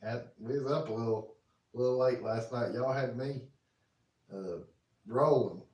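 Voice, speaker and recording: This man's medium-pitched, darkish voice moves at a measured pace as he chats casually on a kitchen live stream. In a folksy manner he reads viewer comments aloud and speaks to his dog, recorded on a phone from a distance in a roomy space.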